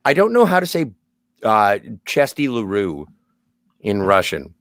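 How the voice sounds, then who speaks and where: Animated man rambling about movies. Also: fairly low pitch, measured pace, no room sound, studio quality. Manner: enthusiastic, rambling, full of "like". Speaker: podcast co-host. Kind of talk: casual movie chat.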